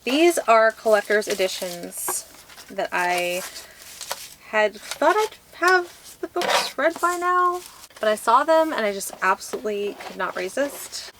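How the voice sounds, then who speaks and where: A woman chatting casually as she unboxes books, full of excited fillers. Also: a little high, a little hiss or hum, poor audio. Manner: gushing, lots of fillers like "like". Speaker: book vlogger.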